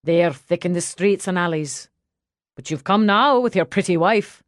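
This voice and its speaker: A man's voice: sits high, moderate pace, fairly bright tone, dry recording, clean studio sound. A woman voicing a boisterous, burly pub owner who talks in a hearty, teasing, roaring way. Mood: wistful. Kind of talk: audiobook character voice.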